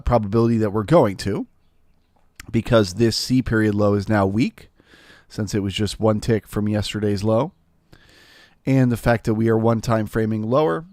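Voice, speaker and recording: A man with a nasal voice talks through market levels on a live trading stream. His pitch sits in a middle range and his delivery is explanatory and matter-of-fact. The recording is dry and close, with little room sound. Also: dry recording.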